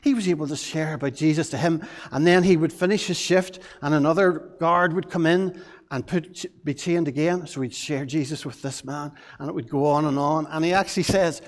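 A man's voice: on the high side, moderate pace. A man, a pastor giving a children's talk in church, playful and coaxing, asking the children many questions. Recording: long reverb of a large hall.

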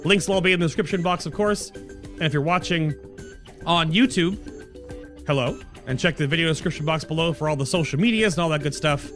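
A man's voice: a little high, a little fast, fairly bright tone. A man hosting a podcast in casual chat, rambling and chatty, often restarting his sentences. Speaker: podcast host. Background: background music.

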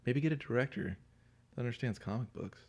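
A man's voice: mid-range voice, quick pace, darkish tone, breathy edge. A man co-hosting a casual comedy podcast, tossing in sarcastic, teasing asides. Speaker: podcast co-host.

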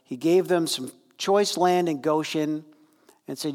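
A man delivers a sermon in a relaxed, conversational way, slipping into animated bursts as he leans into a point. His voice sits a little higher than most men's, and it rings out with a long reverb from the hall he speaks in. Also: measured pace. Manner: animated, conversational preaching with fillers. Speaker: pastor.

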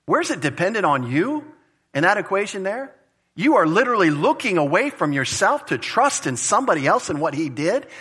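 A man's voice: high-pitched, a little fast, slightly rough. A man preaching an expository sermon in an emphatic, conversational way. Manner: animated, emphatic, conversational preaching with Greek word study. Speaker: pastor.

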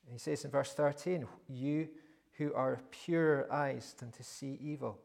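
A man preaching an evening sermon, speaking earnestly with halting pauses and repeated words, lifting his voice as he reads scripture aloud. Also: medium pitch, steady tone, vocal fry, a little mellow.

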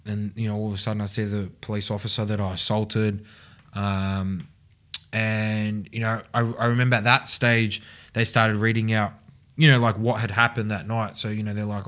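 A man's voice: on the low side, flat delivery, normal speed, fairly bright tone. A man telling his own story in a casual interview, rambling with many fillers and restarts and frequent laughs. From Australia. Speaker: podcast guest.

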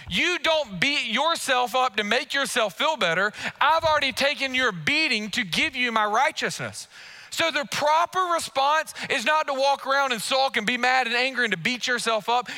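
A male pastor delivers an impassioned sermon in a high, ringing voice with a strikingly bright tone. He drives his points home by repeating them. He acts out the prayers and inner thoughts of his listeners. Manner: impassioned, emphatic preaching with repeated phrases.

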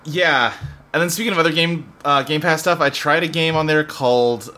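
A man's voice: fairly high pitch, moderate pace, sharp tone. A man co-hosting a casual chat about games from his home office, speaking loosely with lots of fillers and the odd curse word. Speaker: podcast co-host. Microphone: desktop computer setup.

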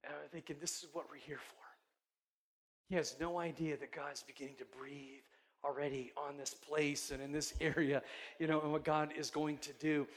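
High-voiced preaching man, earnest and emphatic. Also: flat delivery, moderate pace. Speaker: pastor. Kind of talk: sermon.

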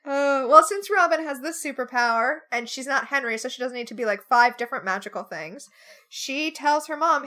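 A woman co-hosts a podcast, recapping episodes in an enthusiastic, chatty way. Her voice sits high and bright, with pitch that swings widely as she talks. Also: normal speed. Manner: enthusiastic, animated storytelling. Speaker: podcast co-host. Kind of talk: casual recap chat.

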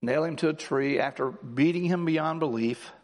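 A man preaching a Christmas sermon as pastor, swinging between emphatic, rising declarations and slow, soft reflection. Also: fairly high pitch, in a large hall. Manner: builds to emphatic, rising lines, then slows and softens. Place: church sanctuary.

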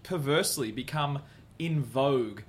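A man's voice: medium pitch, normal speed, breathy edge. A man, a comedian, talking candidly as a podcast guest in a bar venue, rambling and self-deprecating with frequent restarts and the odd swear. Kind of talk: candid podcast interview chat.

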